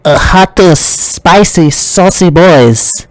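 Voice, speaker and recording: A man putting on an over-the-top sultry voice for a comic mock-ASMR bit, drawn out and breathy. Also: sits high, animated, slow, no echo, voice pushed up, poor audio.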